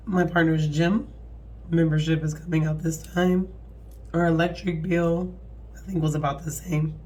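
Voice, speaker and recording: Hoarse, sick woman with a low voice. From American Midwest. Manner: chatty, apologetic, rambling with fillers. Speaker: budgeting channel host. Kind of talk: casual budgeting walkthrough.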